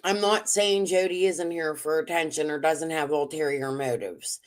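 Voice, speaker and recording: A woman's voice: deep voice, normal speed. A woman on a livestream, accusing and confronting others with emphatic insistence. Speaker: livestream guest. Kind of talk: heated casual commentary.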